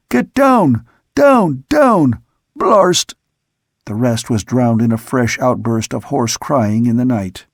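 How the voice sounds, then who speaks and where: Brief: male audiobook reader, gravelly, husky, dry close-mic sound, measured. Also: medium pitch, darkish tone, dry recording. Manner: measured storytelling. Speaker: audiobook narrator. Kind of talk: scripted narration.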